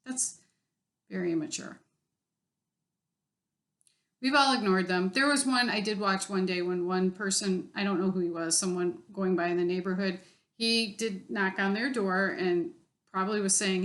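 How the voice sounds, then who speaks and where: Fed up and exasperated, a woman recounts her story in a casual vlog, speaking bluntly with lots of swearing. Her middling, slightly bright voice moves at a moderate pace, pausing often.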